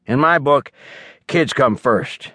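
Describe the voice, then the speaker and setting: A man's voice: medium pitch, animated, slow, bright, forceful tone, breathy edge, dry recording, heavily acted. A man voicing a hot-tempered male logger who growls and snaps his words, recorded in a studio. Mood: defiant. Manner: growling, snapping, combative.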